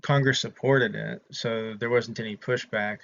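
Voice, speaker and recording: A man's voice: medium pitch, steady tone, normal speed, gravelly, fairly bright tone. Man, instructor, casual chatty lecture, frequent ums, muffled lo-fi audio. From American South. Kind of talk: recorded history lecture. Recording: slightly dull lo-fi audio with faint noise.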